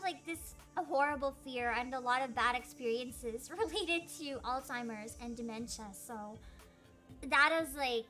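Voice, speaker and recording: A woman's voice: high-pitched, sharp tone. A young woman streamer chatting casually through a Q&A, giggly and self-deprecating, with lots of fillers. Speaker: vtuber streamer. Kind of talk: casual Q&A chat.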